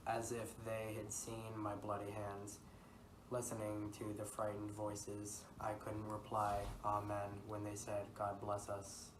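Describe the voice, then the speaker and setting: For a school-project reenactment, a teenage boy plays a guilt-ridden lord who has just committed murder, sounding shaken. His lowish voice reads slowly and flatly, stumbling and correcting himself. The noisy recording comes from a distance in an echoey room.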